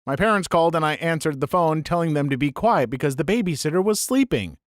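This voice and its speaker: A man's voice: a little high, lively intonation, fast, no echo, studio quality. A man reading online stories aloud and adding wry, joking asides between them. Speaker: narrator.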